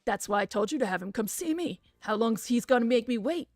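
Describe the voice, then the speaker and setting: A woman voicing a gruff, overbearing middle-aged father who talks in a firm, flat, grumbling way, in a game read aloud. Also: a little high, fairly quick, no room sound, clean studio sound, soft background music, natural voice.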